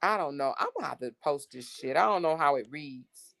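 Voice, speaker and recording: A woman's voice: sits low, animated, a little fast, gravelly, fairly bright tone. A woman hosting a casual livestream, reading text messages aloud to her viewers in an exasperated, blunt way and swearing freely. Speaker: livestream host.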